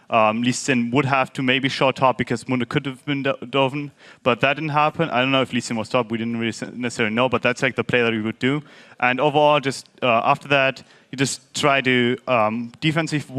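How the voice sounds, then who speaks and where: A man's voice: medium pitch, a bit bright. A man answering post-match interview questions as a pro gamer, explaining strategy in a methodical, hesitant way.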